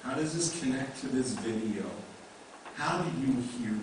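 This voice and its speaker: A man's voice: medium pitch, expressive, normal speed, background noise. Man preaching in an echoey church. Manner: conversational preaching with rhetorical questions. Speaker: pastor. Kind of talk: sermon. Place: church sanctuary. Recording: echoey room mic from a distance.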